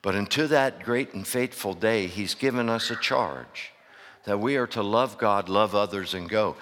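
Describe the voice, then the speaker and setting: Bright-voiced preacher in a reverberant hall. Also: male voice, lowish voice, moderate pace, slight background noise. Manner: impassioned preaching, swinging from loud outbursts to hushed asides; asks the congregation rhetorical questions. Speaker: pastor. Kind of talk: sermon. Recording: long reverb of a large hall.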